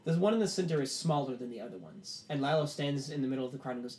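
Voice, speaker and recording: A man's voice: medium pitch, rapid-fire, few pauses, a little mellow, roomy sound, slight background noise. A man running a tabletop game as game master, narrating the scene in a loose, filler-heavy way.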